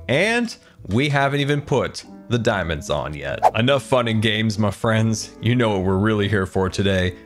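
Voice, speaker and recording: A man's voice: medium pitch, a bit bright. A man giving casual, playful commentary over his game footage, giggling often and reading things out with theatrical flair. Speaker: Minecraft let's-play host.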